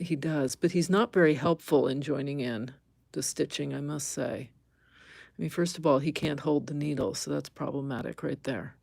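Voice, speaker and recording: A middle-aged woman talks unhurriedly through an embroidery demonstration on a live stream, her fairly low voice carrying a gravelly edge. She thinks aloud, corrects herself, and tosses casual asides to her viewers. The sound is close and dry. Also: a little mellow, no room sound. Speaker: embroidery teacher.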